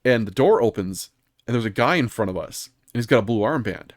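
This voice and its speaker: Rambling low-voiced male podcast host. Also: lively intonation, fairly quick, no room sound, clean studio sound. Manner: rambling storyteller with many ums and restarts. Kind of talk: casual gaming podcast chat.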